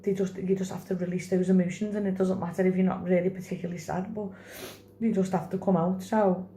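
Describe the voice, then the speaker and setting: A woman's voice: on the low side, flat delivery, quick pace, warm tone, a little hiss or hum. A young woman, talking to her phone camera in a personal vlog, rambling with many fillers and crying while she laughs. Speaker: vlogger.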